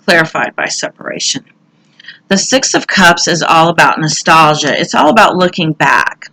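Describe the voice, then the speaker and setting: Bright-voiced woman giving a tarot reading. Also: sits low, expressive, normal speed, gravelly, rough recording. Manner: chatty and candid, swears, laughs at herself. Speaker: tarot reader. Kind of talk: casual tarot reading talk.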